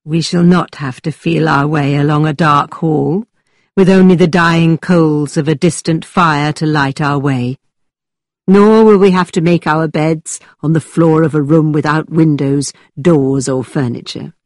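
A woman doing a teasing young gentleman, low and slow. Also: fairly even intonation, no room sound, clean studio sound.

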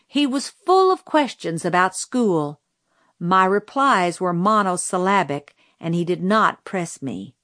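A woman's voice: medium pitch, fairly bright tone, no room sound. Woman narrating a novel, dry sound. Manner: measured storytelling, voicing characters lightly. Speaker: audiobook narrator.

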